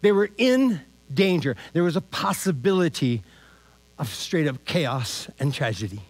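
A male pastor preaching a casual, conversational sermon, animated and tagging his lines with "man" and "all right?". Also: a little high, measured pace.

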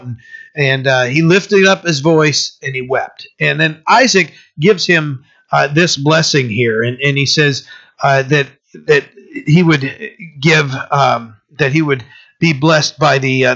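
A man's voice: fairly high pitch, a little slow, a bit bright, dull audio. A man teaching a Bible study in a casual, conversational way, with many restarts and fillers.

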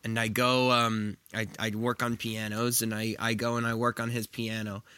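Animated storytelling man, bright dry voice. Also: on the low side, normal speed, smooth, dry recording. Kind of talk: casual chat, storytelling.

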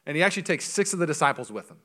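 A male pastor preaching a sermon in a church, animated and joking, with quick asides. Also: fairly high pitch.

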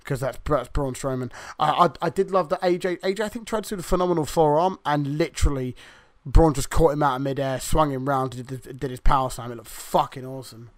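A podcast co-host with a fairly high voice talks a little fast through a casual wrestling review, rambling, swearing freely, and acting out the wrestlers' lines. The recording is dry.

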